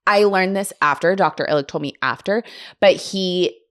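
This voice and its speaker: A woman's voice: on the low side, moderate pace. A young woman hosting a podcast, telling a story in casual chat, acting out the voices of the people in it and laughing often. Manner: animated, acts out quoted voices, laughs often. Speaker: podcast host.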